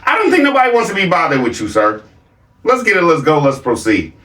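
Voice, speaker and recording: A man's voice: fairly high pitch, wildly swooping pitch, quick pace, a bit bright, roomy sound, distant mic. A man hosting a reaction video, mocking a clip with sarcastic commentary and repeated catchphrases.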